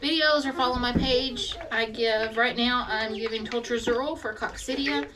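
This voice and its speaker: A woman's voice: a little high, steady tone, moderate pace. Chatty woman in a noisy barn. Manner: chatty, rambling explanations. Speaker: goat farmer. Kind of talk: casual how-to farm vlog. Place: barn feed room. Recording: farm noise with clucking chickens.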